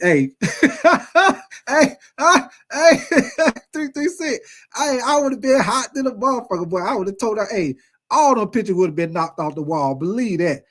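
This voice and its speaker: A man hosting casual sports talk, emphatic and full of profanity. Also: high-pitched.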